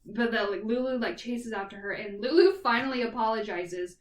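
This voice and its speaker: A woman's voice: fairly high pitch, brisk. A woman co-hosting a podcast, casually retelling a novel's plot with lots of "like" and "kind of thing". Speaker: podcast co-host. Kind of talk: casual book review chat. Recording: echoey room, far from the mic.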